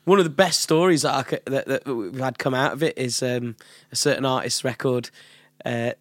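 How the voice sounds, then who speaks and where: A man's voice: mid-range voice, moderate pace, no echo. A man who works as a recording studio engineer, telling stories in casual podcast chat and laughing often. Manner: animated storyteller, laughs often.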